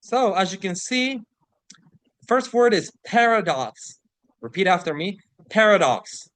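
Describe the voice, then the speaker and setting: A man teaching an English vocabulary lesson, who explains words, reads example sentences aloud slowly and keeps checking in with "right?". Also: sits high, expressive, fairly bright tone, no echo. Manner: slows to read example sentences and passages aloud.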